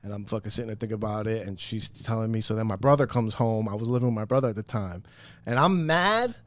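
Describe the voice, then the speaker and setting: A man casually telling a story on a podcast, animated and profane, acting out what people said. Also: lowish voice, quick pace, dry recording. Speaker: podcast guest.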